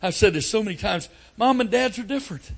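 An older man preaching a sermon, telling folksy family stories and breaking into loud outbursts. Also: high-pitched, expressive, fast, gravelly. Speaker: pastor.

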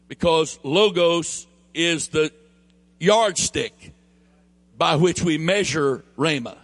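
A man with a Southern US accent preaching a sermon, emphatic and building to near shouts, then easing into quieter storytelling. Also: a little high. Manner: emphatic, rising to near shouts on key phrases; drops into a quieter storytelling tone for anecdotes.

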